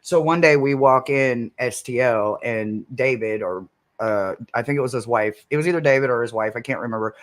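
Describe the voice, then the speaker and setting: A woman from the St. Louis area, a psychic reader hosting her channel, telling an excitable, rambling story with laughs and the odd curse word. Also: a bass voice, normal speed. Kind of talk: casual storytelling on a livestream.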